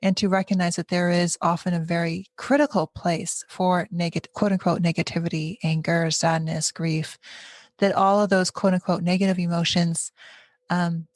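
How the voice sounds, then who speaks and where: Low-voiced thoughtful podcast host, woman. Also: level tone, dry recording. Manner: thoughtful, searching phrasing with many pauses. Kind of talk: reflective conversation.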